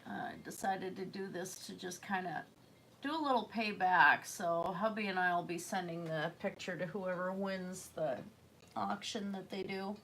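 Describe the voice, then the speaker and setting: A woman's voice: fairly low pitch, fairly even intonation, moderate pace, a bit bright, slight background noise. A woman chatting casually while she paints on a livestream, rambling with fillers and self-corrections. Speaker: artist livestreaming a painting session.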